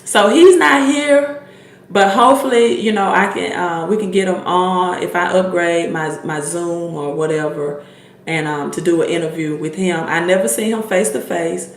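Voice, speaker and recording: On her casual livestream, a credit coach with a Mississippi Southern accent talks to "y'all" in a voice on the low side at normal speed. She coaches and chats, circling back over the same points, and the audio is reverberant.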